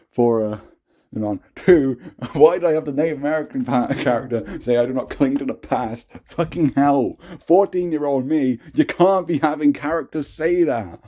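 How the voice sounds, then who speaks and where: A man's voice: mid-range voice, dark tone, slightly rough. A young adult man hosting a casual talk, cringing at his own old writing, swearing often and laughing at himself. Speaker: host.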